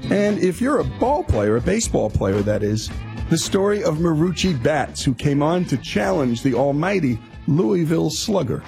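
A radio host with a slightly raised, gravelly voice swoops emphatically through his introduction. His pitch moves widely, and soft music sits beneath him. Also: very animated, moderate pace.

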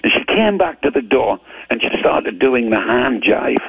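An older man with a Geordie accent from Newcastle, telling rambling, animated anecdotes with stammers as a guest in a casual interview. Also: mid-range voice, moderate pace, no room sound. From Newcastle, England. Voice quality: gravelly, husky. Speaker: guest rock singer. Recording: tinny phone line.

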